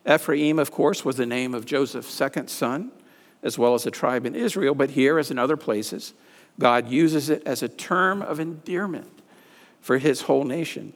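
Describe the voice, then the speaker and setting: A man's voice: mid-range voice, expressive, moderate pace. A man preaching a sermon, reading scripture aloud with rising emphasis on the pleading lines. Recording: reverberant hall.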